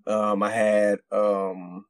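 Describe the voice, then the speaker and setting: Profane rambling veteran storyteller. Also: male voice, lowish voice, level tone, drawn-out words, no room sound. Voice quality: rambling, profane, many restarts. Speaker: podcast co-host, military veteran. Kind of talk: casual storytelling.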